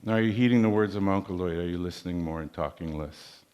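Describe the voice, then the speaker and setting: A man giving a motivational leadership talk in a large hall, measured and preacherly, with proverbs. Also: sits low, darkish tone, clear, resonant tone. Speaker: keynote speaker. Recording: long hall reverb.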